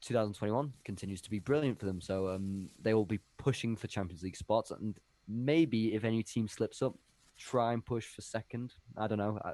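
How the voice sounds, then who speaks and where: A man's voice: on the low side, a little fast, warm tone, no echo. A man co-hosting a live football watch-along in casual chat, opinionated and tripping over his words.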